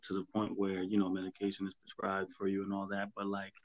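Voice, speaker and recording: A low-voiced man talks in a relaxed, slangy way, hosting a podcast as casual chat and laughing easily. The recording is dry and a little dull. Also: fast, dry recording. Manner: laid-back, slangy, laughs often.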